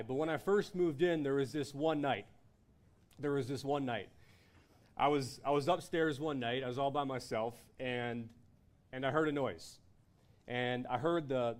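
Man, pastor, sermon, animated storytelling, mid-range voice, frequent restarts. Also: medium pitch.

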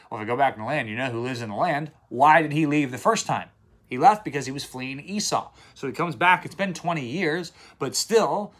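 A man hosting a daily Bible reading video, retelling scripture in relaxed everyday speech. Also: medium pitch. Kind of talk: casual Bible teaching.

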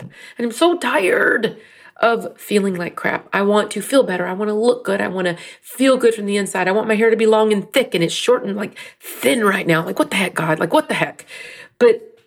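A middle-aged woman talking candidly about faith and grief, emotional and rambling, teary at times. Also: lowish voice. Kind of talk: personal faith talk.

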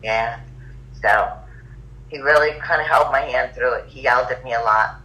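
A middle-aged woman chatting as a podcast guest, with a bright, forward tone. She tells her stories with energy and slips into the voices of the people she quotes. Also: extremely low pitch, normal speed, low-quality recording. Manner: animated, acts out quoted dialogue. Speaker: podcast guest, yoga teacher. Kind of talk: casual conversational storytelling.

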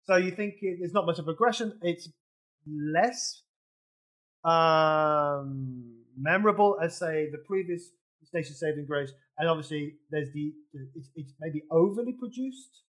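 A man hosting a casual podcast discussion, halting and full of fillers as he asks questions. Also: fairly high pitch, a bit bright, low-quality recording. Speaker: podcast host. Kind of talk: casual chat.

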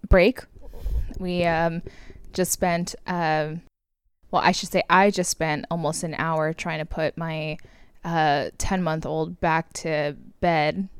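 A woman's voice: low voice, flat delivery, slow pace, clear, resonant tone, no room sound. A woman hosting a podcast late at night, recapping a movie in casual chat, often giggling and rambling with many fillers. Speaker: podcast host.

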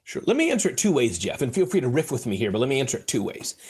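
A man talking as an interview guest, joking and animated, often calling the host by name. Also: mid-range voice, very fast, breathy edge. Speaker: guest speaker. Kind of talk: casual interview chat.

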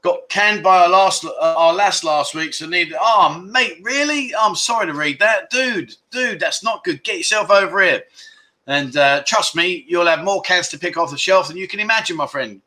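A middle-aged man hosting a casual livestream chat, rambling and joking as he reads out viewer comments with quick asides. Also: high voice, sharp tone. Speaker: livestream host.

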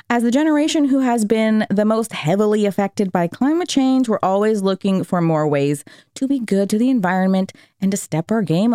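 Lively, chatty young woman. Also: fairly high pitch, dry recording, clean studio sound. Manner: enthusiastic, chatty. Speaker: podcast co-host. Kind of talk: casual chat.

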